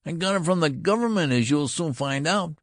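A man voicing an old general who has grown back into a small boy, barking commands in a high, shrill treble. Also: lively intonation, racing, a little mellow, no room sound, clean studio sound. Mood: shrill, commanding.

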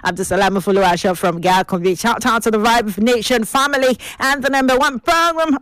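A woman's voice: on the high side, a little fast, few pauses, a bit bright, no echo. A woman hosting a call-in radio show, chatty and playful, coaxing answers from young callers.

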